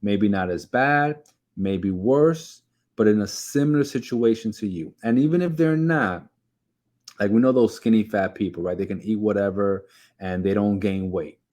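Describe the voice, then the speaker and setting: Male host with a New York accent, lowish voice, chatty direct-to-camera advice, peppers lines with "okay?" and "right?". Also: normal speed, a little mellow. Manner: conversational, checks in often with "okay?" and "right?". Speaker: keto and weight-loss video host.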